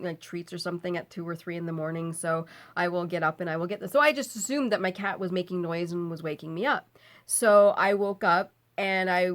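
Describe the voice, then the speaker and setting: Woman telling a spooky personal story. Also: fairly low pitch. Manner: animated, laughs often, swears when recounting fear. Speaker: vlogger. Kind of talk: casual storytelling.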